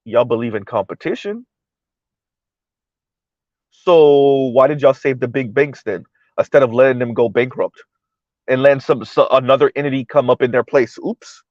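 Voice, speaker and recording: A man's voice: mid-range voice, steady tone, fairly quick, dry recording, highs cut off. A man hosting a livestream of political commentary, talking emphatically and checking in with the audience by asking "right?" again and again. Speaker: livestream host.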